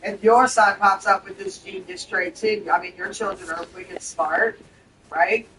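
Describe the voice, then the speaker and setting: A woman's voice: mid-range voice, fairly even intonation, measured pace, far from the mic, noisy background. A woman in her thirties with a Southern US twang, chatting casually and bluntly while playing a game, laughing often. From southern United States. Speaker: gaming streamer.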